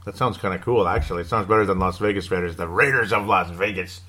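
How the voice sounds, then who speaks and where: A man's voice: low-pitched, quick pace, bright, forceful tone. A man hosting a casual solo sports show, rambling through team news with wry asides and chuckles. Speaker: sports podcast host.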